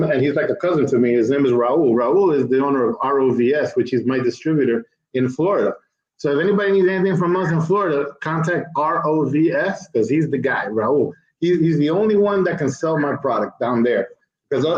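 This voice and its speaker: An older man, a physician and guest, chatting casually and telling an animated anecdote in which he acts out other people's voices. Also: on the high side. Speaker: physician and cigar company founder, guest. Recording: echoey, dull-sounding room.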